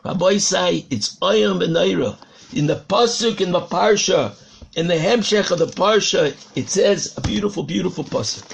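Gravelly high-voiced rabbi preaching. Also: male voice, moderate pace. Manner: dramatic storytelling, repeating words for emphasis. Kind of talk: Torah sermon.

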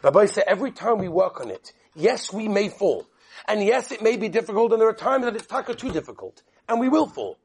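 High-voiced animated male Torah teacher. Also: slightly rough. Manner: animated, quick, with Hebrew and Yiddish terms. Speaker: Torah lecturer. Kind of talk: spoken Torah class with parables.

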